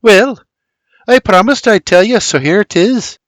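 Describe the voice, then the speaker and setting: A man's voice: high-pitched, animated, measured pace, dry recording, studio quality, pitched above the performer's own voice. A man doing a sarcastic teasing little sister. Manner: bossy, needling, sarcastic.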